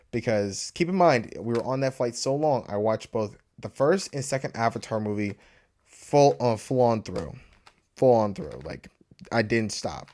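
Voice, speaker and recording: A man's voice: fairly low pitch, darkish tone. A young man chatting loosely to camera in a casual travel vlog, full of filler words. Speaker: vlogger.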